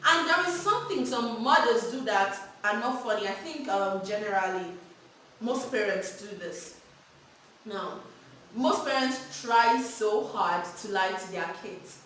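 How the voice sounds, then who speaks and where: A woman gives frank parenting advice in an animated storytelling vlog. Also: mid-range voice, a little slow, a little hiss or hum. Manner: animated, frank, laughs while telling stories. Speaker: vlogger giving parenting advice. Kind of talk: candid storytelling and advice monologue. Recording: very echoey room, mic at a distance.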